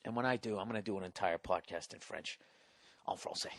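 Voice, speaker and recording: A man's voice: on the low side, fast, dry recording. Profane, rambling man on a dry mic. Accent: Boston. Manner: profane, rambling, self-mocking. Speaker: podcast host. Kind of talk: casual storytelling monologue.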